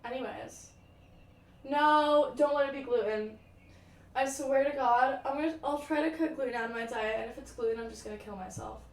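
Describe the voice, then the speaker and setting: A young woman chats on a livestream in a dramatic, swear-heavy way, with lots of "like" and "um." Her voice sits a little high and sounds set back from the mic. The room gives it an echo over faint ambient noise. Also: moderate pace, recorded from a distance. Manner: chatty, dramatic, swears freely, many "like" and "um" fillers. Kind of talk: casual chat, answering viewer comments.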